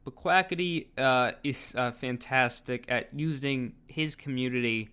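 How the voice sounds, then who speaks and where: Dude doing a chill commentary video, mid-pitched, lots of uhs. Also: male voice, measured pace, sharp tone, clean tone. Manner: rambling, filler-heavy delivery.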